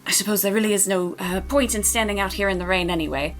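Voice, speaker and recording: A woman's voice: medium pitch, fast, fairly bright tone, faint music behind, natural voice. A woman voicing a nervous young man who stammers and hesitates, full of ums and restarts. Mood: flustered.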